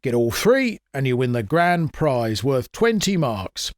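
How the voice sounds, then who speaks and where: A man's voice: medium pitch, sing-song, a little slow, no echo, clean studio sound. A man voicing a greedy, cowardly fairground showman with a wheedling, oily manner. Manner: wheedling, oily, turns whiny.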